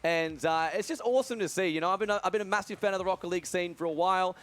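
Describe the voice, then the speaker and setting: A young man doing live esports commentary, energetic and full of fillers. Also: high voice, clear, resonant tone. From Australia. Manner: fast, energetic, many fillers. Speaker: esports commentator and event organizer.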